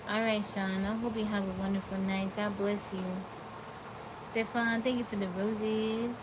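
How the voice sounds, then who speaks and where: A woman's voice: mid-range voice, flat delivery, unhurried, background noise. Chatty woman greeting live-stream viewers. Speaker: livestream host.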